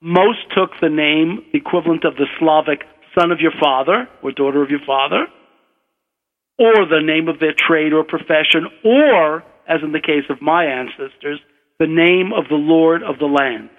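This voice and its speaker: An older man from Brooklyn, a physician and author, telling a relaxed, wry anecdote. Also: on the high side, normal speed. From Brooklyn, USA. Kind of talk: anecdotal storytelling. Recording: dull radio broadcast, long reverb.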